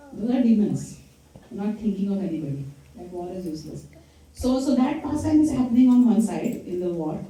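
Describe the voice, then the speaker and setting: In a temple hall, a woman gives a lecture, retelling scripture stories conversationally and quizzing her listeners. Her voice is mid-range and warm. The hall echoes, and the mic is set far off.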